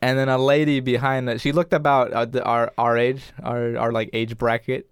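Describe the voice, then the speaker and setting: A man's voice: mid-range voice, level tone, normal speed, clean tone, no echo, clean studio sound. A young man in his twenties telling a story in casual chat, rambling with many fillers and restarts. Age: 20s.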